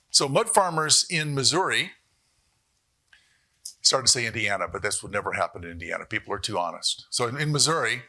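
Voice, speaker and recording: Male university lecturer, animated and wry, crisp bright timbre. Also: lowish voice. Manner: animated, jokey asides and rhetorical questions. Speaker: economics lecturer. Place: lecture hall.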